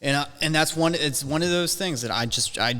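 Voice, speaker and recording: A man on a casual podcast, ranting and swearing, often jumping into a high mocking voice. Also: a little fast, bright, forceful tone. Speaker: podcast co-host. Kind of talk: casual chat. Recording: long hall reverb.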